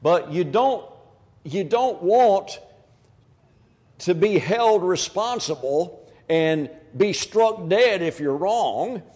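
Brief: male preacher, slightly high voice, emphatic, long hall reverb. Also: animated, slow, a little mellow. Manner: emphatic, acts out quoted people in dialogue. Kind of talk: sermon.

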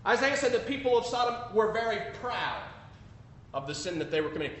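A man preaching a sermon, emphatic, swinging between loud declarations and quiet asides. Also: lively intonation, fairly quick. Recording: echoey room with faint rumble.

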